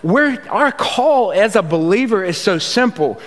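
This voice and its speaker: A man's voice: high voice, animated, unhurried, a bit bright. A man, a youth pastor giving a sermon in a folksy, conversational storytelling way. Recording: long reverb of a large hall.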